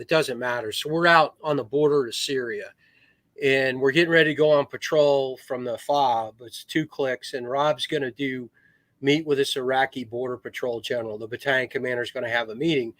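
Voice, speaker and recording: A man's voice: mid-range voice, a little fast, fairly bright tone, dry recording. A middle-aged man, a retired Marine officer, telling rambling war stories in a casual podcast chat. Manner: rambling war stories with restarts, acts out quoted voices. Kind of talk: casual storytelling.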